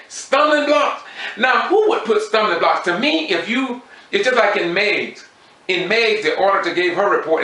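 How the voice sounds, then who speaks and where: A man's voice: fairly high pitch, sharp tone, roomy sound, low-quality recording. A man giving emotional citizen commentary on a city council meeting, repeating key phrases with preacher-like emphasis. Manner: impassioned, repetitive, preacher-like emphasis.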